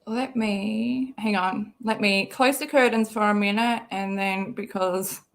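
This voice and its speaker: A woman's voice: medium pitch, steady tone, unhurried, creaky. A woman hosting a casual livestream, talking bluntly, swearing freely and laughing often. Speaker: livestream host.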